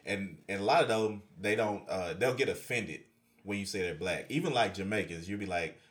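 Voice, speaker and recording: A man speaks in a very deep, low voice. He chats casually as a co-host. He stops and restarts often, filling the pauses. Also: a bit bright. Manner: halting, many fillers and repeats. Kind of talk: casual chat.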